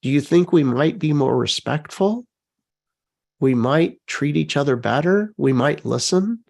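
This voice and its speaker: Slow, gravelly man guiding a session. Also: a little high, expressive. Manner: gentle, coaxing, repeats prompts; reads out chat comments warmly. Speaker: session facilitator. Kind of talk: guided live online session.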